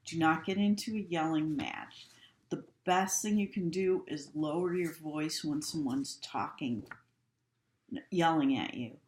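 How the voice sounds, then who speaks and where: Low-voiced woman teaching staff, slow and calm, repeats stuff, roomy echo. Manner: calm, instructive, repeats key points. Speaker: healthcare trainer. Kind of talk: recorded training talk. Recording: echoey room.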